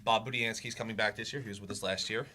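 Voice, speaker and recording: Low, bright-voiced man, halting. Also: fairly even intonation, slight background noise. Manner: fills in details, slightly halting. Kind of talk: casual chat.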